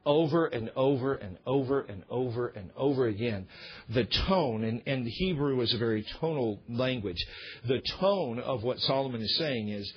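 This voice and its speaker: A man's voice: mid-range voice, expressive, normal speed, highs cut off. A man pastor delivering an emphatic, repetitive sermon.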